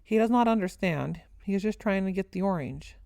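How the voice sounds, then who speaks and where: A woman reading a calm boy. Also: medium pitch, vocal fry, no echo. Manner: slow, plain.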